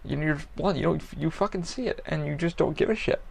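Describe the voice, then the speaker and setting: A man's voice: a little high, quick pace, gravelly, slightly rough. A man hosting a podcast, talking candidly in a blunt, profane, rambling way about his own life. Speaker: podcast host. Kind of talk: candid personal talk.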